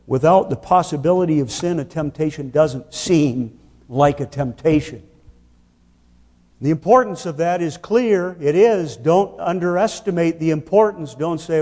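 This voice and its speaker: Slow, emphatic male preacher in a hall. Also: fairly high pitch, mellow. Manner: slow, emphatic, rhetorical questions. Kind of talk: sermon.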